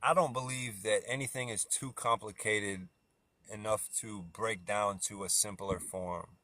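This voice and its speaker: A man's voice: lowish voice, fairly even intonation, unhurried, bright, forceful tone. A man calling into a casual live stream debate, hesitant and informal, often repeating himself.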